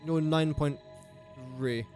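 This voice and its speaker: A talkative man hosts a casual game live stream, working through numbers out loud and tossing in jokes. His voice sits a touch high for a man, with faint music under him. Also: slow pace. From England. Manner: thinks aloud while doing sums, chatty and joking.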